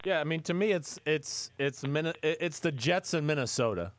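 A man's voice: fairly high pitch, expressive, normal speed, no room sound. A man co-hosting a casual sports podcast, agreeable and teasing, often trailing off and restarting his thoughts. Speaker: podcast co-host.

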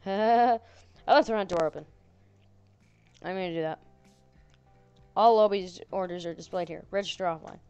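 A woman's voice: on the low side, normal speed, pauses often, a little mellow, clean tone, no echo, lo-fi sound, faint music behind. A woman playing a horror game and commenting on it, sarcastic and jokey, chatting to the characters on screen. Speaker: gaming channel host.

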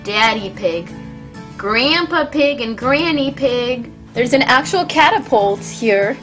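A woman's voice: fairly high pitch, a bit bright. A woman narrating a toy demonstration in an enthusiastic show-and-tell manner, as a voice-over over background music. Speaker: toy reviewer.

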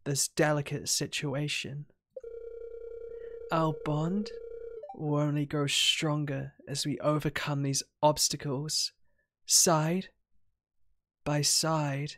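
A woman with a light New Zealand accent voicing an obsessive, possessive young village woman, reading game dialogue in a soft, low, dramatic way. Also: little pitch movement, slow pace, pauses often, a little hiss or hum. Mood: ominous devotion.

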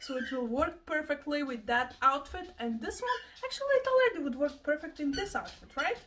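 A young woman vlogger chatting casually while unboxing gifts, excitable and full of gasping exclamations. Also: high-pitched, a little fast, noisy background. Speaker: plant and lifestyle vlogger.

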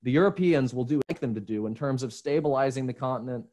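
A man's voice: mid-range voice, a little mellow. Man pushing back firmly in a debate. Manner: measured, explanatory, pushes back firmly. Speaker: paper author, panel speaker. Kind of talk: academic debate.

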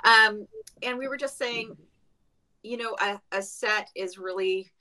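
A woman, an actress, leading a casual virtual cast chat and sharing warm reflections. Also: mid-range voice, a little slow, poor audio.

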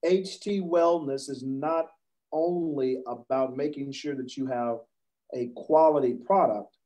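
A man's voice: unhurried, warm tone, poor audio. A man hosting a wellness show, speaking in an upbeat, promotional way with strings of listed words. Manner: upbeat, listing words like a pitch. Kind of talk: promotional chat.

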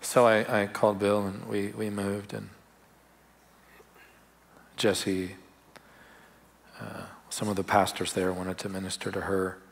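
A male pastor telling personal stories in a conversational sermon, laughing at times. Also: deep voice. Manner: conversational, warm storytelling with laughs. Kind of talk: sermon storytelling. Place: church service.

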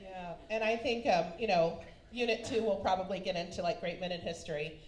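Fairly quick and medium-pitched, this forties-something Kansas woman works a comedy club crowd, teasing them as baby and honey in a brassy style. Loud laughter fills an echoey room, and the background is noisy.

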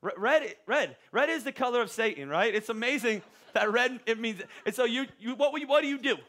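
Pastor, middle-aged man, high bright voice, lively sermon delivery with stammered restarts. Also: fairly quick. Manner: animated, joking preacher with stammering restarts. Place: church auditorium.

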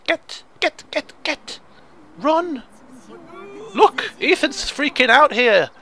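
Male let's-player, high sing-song voice with gravelly edges, unhurried. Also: a bit bright. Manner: theatrical, exclaiming, chatty with game characters. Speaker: let's play host. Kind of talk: excitable gameplay commentary.

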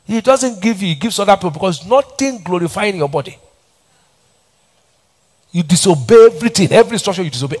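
A man's voice: high voice, expressive, a little fast, long pauses. A middle-aged Nigerian man preaching a sermon as pastor, repeating lines and tossing questions back to the congregation. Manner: preaching with call-and-response questions and repetition. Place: church hall.

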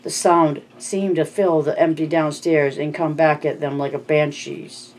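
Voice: medium pitch, little pitch movement, unhurried, darkish tone, a little hiss or hum, low-quality recording. A narrator reading a novel aloud as an amateur audiobook, with frequent slips and restarts.

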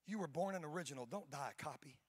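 A male pastor preaching a sermon to a congregation, swinging from hushed asides to shouted peaks, with humorous storytelling. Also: on the high side, fast, slight background noise. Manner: humorous storytelling with acted-out voices. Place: church sanctuary before a congregation.

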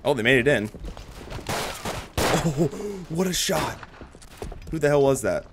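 A man giving excitable, profane gameplay commentary, shouting battle cries while he plays. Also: medium pitch, slow, background noise. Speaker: gaming YouTuber. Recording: game music and gunfire behind. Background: game music and gunfire.

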